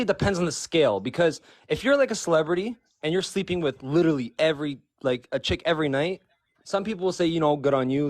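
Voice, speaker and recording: A man in a casual debate, talking loosely with many fillers and some swearing. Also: fairly high pitch.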